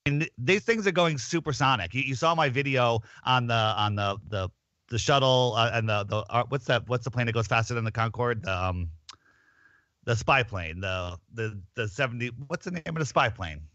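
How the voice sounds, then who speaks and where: A man's voice: mid-range voice, moderate pace, bright, forceful tone, no echo, lo-fi sound. A man telling rambling stories in a casual chat, often restarting his sentences. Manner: rambling storyteller, many restarts.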